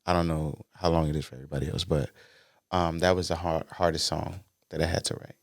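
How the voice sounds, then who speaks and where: A man's voice: extremely low pitch, fast talker, vocal fry, no room sound, clean studio sound. A man, a singer-songwriter guest on a podcast, telling stories casually with slang and easygoing fillers. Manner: relaxed storytelling with slang and fillers.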